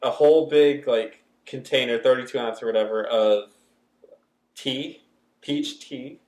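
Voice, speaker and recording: A man's voice: medium pitch, steady tone, measured pace, darkish tone. Male podcast co-host, chatty and giggly, roomy echo on a Skype call. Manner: laughs often, rambling anecdotes. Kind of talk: casual chat. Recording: echoey room over a Skype call.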